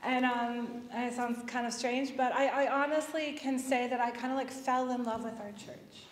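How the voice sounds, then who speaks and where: A woman's voice: fairly high pitch, fairly even intonation, moderate pace, a little hiss or hum. A middle-aged woman telling a personal story at a parish talk, chatty, with lots of fillers and acted-out dialogue. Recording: echoey hall.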